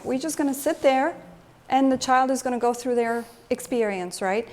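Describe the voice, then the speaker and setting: A woman's voice: sits high, normal speed, few pauses, a little mellow. A woman emotional health coach giving a lecture to a live group, engaging the audience with frequent questions.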